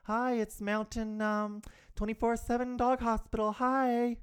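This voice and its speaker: Man doing a nervous receptionist, high, soft, halting. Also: level tone, clean tone. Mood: apologetic. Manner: hesitant, halting, soft-spoken. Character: apologetic, flustered animal hospital receptionist.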